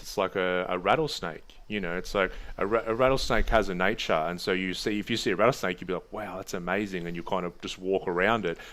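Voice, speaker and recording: A man's voice: deep voice, fairly bright tone. A man co-hosting a casual podcast, reflective and explaining ideas through examples. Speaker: podcast co-host.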